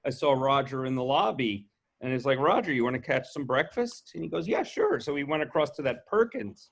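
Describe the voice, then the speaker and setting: A man's voice: mid-range voice, fairly quick. A man, a festival co-founder, telling anecdotes in a casual way and acting out what other people said. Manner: animated, acts out quoted dialogue.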